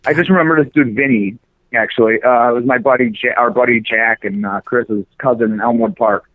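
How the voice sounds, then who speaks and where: A man tears into people in a crude, profane rant while co-hosting a talk show. His voice comes through a thin, phone-like line with a dry, close sound and sits at an ordinary middle pitch. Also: fairly even intonation, a little fast, no room sound. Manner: profane, ranting, mocking. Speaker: podcast co-host. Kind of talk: crude casual banter.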